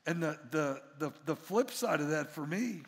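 A middle-aged male pastor preaching with animated energy, acting out the people in his stories. His voice sits high, with a gravelly edge. The sound rings with the long reverb of a large church hall. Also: normal speed. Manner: animated storyteller who acts out voices in his anecdotes. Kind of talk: sermon.

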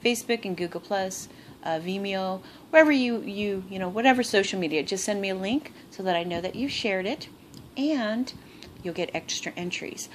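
Opening presents in her bedroom, this woman chats excitedly for her crafting vlog, frequently gasping and laughing. She speaks at normal speed in a mid-range voice, and the home phone recording is noisy.

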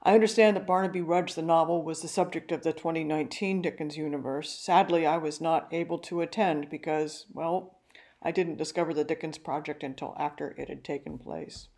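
Older woman giving a measured literary talk. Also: low-pitched, steady tone, darkish tone. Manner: measured, careful reading.

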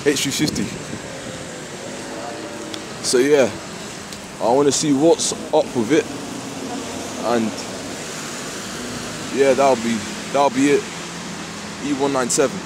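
A young man, vlogging casually while bus spotting, slangy and excitable, swearing freely. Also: medium pitch, slow pace, pauses often. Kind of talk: casual street vlog. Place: outdoors by a busy road. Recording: street traffic noise.

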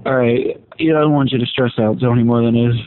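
A man's voice: mid-range voice, steady tone, fast. A man improvising a comedy phone skit in an exasperated, complaining tone. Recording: tinny phone-like lo-fi.

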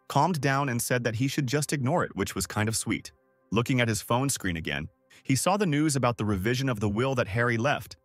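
A man's voice: medium pitch, no echo. A man narrating a comic recap in a scripted storytelling style.

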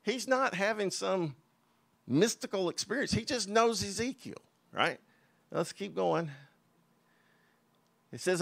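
A man preaching, his voice somewhat high and gravelly. He talks in an emphatic, conversational way and drops in scoffing asides. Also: expressive, takes it slowly, long pauses, fairly bright tone. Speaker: pastor. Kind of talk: sermon.

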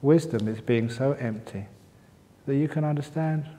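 A man's voice: medium pitch, moderate pace, mellow. A man who is a Buddhist monk and teacher, answering retreat questions with humorous stories and reading each question aloud. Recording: long reverb of a meditation hall.

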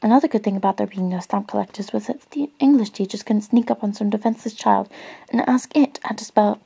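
Soft-spoken asmr lady reading a story, husky and kinda gravelly. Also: medium pitch, fast talker, poor audio. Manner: soft-spoken, partly whispered, gentle asides. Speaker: ASMR reader.

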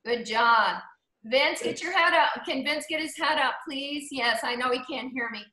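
A woman's voice: high-pitched, moderate pace, pushed and bright, echoey room, poor audio. A woman coaching an online group cycling class over a video call, upbeat and encouraging, calling riders by name and counting down the seconds. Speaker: cycling instructor.

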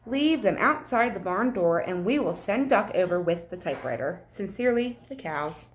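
A woman's voice: medium pitch, lively intonation, moderate pace, lightly acted. A woman reading as polite, demanding cows. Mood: politely firm. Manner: formal letter reading. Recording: echoey room.

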